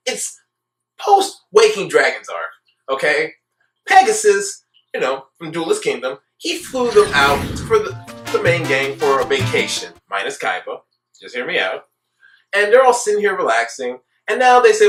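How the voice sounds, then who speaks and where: A man's voice: a little high, a bit bright. Sarcastic young man ranting in echoey room. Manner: sarcastic, exasperated and emphatic. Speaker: anime reviewer. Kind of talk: casual ranting commentary.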